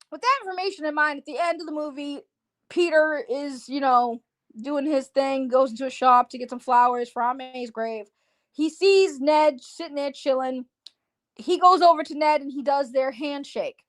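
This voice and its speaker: Excitable high-voiced young woman reviewer. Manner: excitable, slangy, swears freely. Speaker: movie reviewer. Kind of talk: casual spoiler review to camera.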